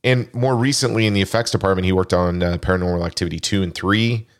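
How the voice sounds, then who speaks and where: A man's voice: sits low, quick pace. A man hosting a casual movie podcast, reading through crew credits with frequent fillers. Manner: reads film credits, chatty with frequent fillers. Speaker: podcast host.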